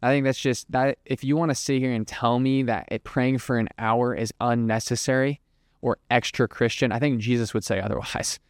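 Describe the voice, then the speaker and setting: A young man teaching in a loose, chatty way, full of "like"s and little acted-out quotes. His voice is smooth and resonant, recorded close and dry with no room sound. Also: mid-range voice, steady tone, normal speed, no echo. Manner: conversational, filler-heavy, lots of "like", acts out hypothetical quotes. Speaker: podcast host. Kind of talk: casual Christian teaching monologue.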